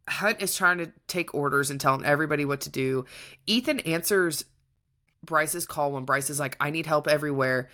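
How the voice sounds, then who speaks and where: A woman's voice: sits low, fairly bright tone. A young adult woman co-hosting a casual book-review podcast, retelling the plot with animation and acting out the characters' lines. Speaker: podcast co-host.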